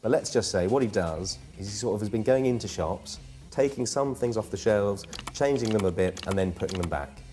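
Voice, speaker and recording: A man's voice: lowish voice, lively intonation, fairly quick, warm tone, faint music behind. A man hosting a comedy gig guide in a playful, self-mocking way, wandering off into rambling asides. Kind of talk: jokey scripted presenting.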